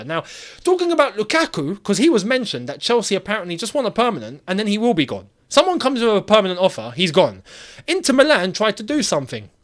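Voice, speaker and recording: A man hosting his own football channel, chatting casually and animatedly and laughing often. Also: high-pitched. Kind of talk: casual football chat vlog.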